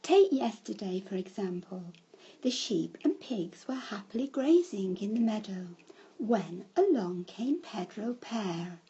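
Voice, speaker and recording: A woman telling a children's story in a slow storybook manner, breaking into shouted cries for the characters. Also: mid-range voice, lively intonation, husky, dull audio.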